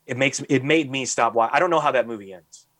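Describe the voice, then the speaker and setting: A man's voice: medium pitch, fairly quick, dry recording. Casual podcast host, male, exasperated rant delivery, leans on "like", dry close sound. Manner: animated ranting, heavy use of "like"; exasperated, mocking.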